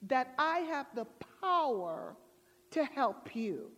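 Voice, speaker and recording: A woman voicing the voice of God from heaven, asking slow, deliberate questions in a sermon. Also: sits high, sing-song, a bit bright, heavily acted. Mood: solemn. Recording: long church reverb.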